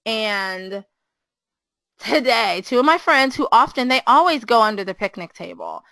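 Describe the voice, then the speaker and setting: Teacher type, a woman with a bright, forceful voice, an animated storyteller who jumps up in pitch for quotes, recorded dry. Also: a little slow, dry recording, low-quality recording. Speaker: preschool teacher. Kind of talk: casual storytelling chat.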